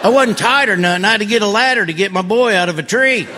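Man in his 50s, stand-up comic, high voice, grumbling folksy jokes, noisy live recording. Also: fast talker. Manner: folksy, grumbling, self-mocking delivery. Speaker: stand-up comedian. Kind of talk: stand-up comedy set.

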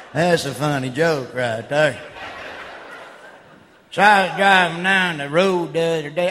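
A man doing loud redneck stand-up comedy, laughing at his own jokes. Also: high-pitched. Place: live comedy stage before an audience. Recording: live show with crowd noise.

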